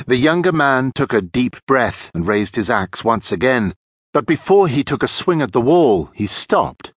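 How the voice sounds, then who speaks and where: A man narrating a children's audiobook with expressive storytelling. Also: fairly low pitch, a little slow, husky, no echo, clean studio sound.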